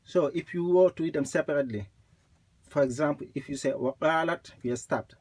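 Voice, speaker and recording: A man teaching Quran recitation rules, explaining slowly and repeating points, with recited examples. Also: a little high, a little mellow.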